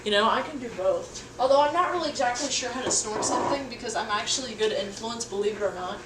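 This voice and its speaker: Young female streamer, goofy and rambling, cooking at home, higher voice. Echoey room, mic at a distance, noisy background. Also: fast talker. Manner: goofy, rambling, swears casually, talks to chat. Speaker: livestreamer. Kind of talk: casual livestream chat while cooking. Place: home kitchen.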